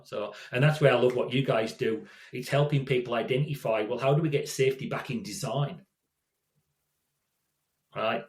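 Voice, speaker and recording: A man's voice: mid-range voice, a little mellow. A man in his sixties, a safety consultant, telling stories as an interview guest in a rambling way, restarting and repeating words. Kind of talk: storytelling in casual interview. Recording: echoey room.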